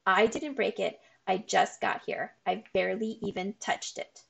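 A worn-out, polite father apologizes and pleads to be treated fairly, as a woman reading a storybook aloud puts him on. His voice is rough and gravelly. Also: fairly high pitch, moderate pace, a little hiss or hum. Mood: pleading, worried. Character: worried, polite immigrant father. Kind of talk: read-aloud of a children's novel.

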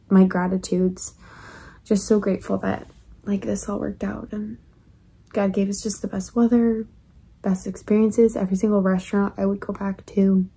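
A young woman vlogging in a casual, confessional way, soft and wistful, rambling with many fillers and close to tears. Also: medium pitch, slightly rough. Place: resort, quiet indoors.

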